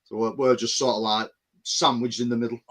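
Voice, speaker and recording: A man's voice: mid-range voice, flat delivery, a little fast, a bit bright. A man from the North West of England, chatting casually on a podcast co-hosting, rambling with plenty of ums. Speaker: podcast co-host. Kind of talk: casual chat.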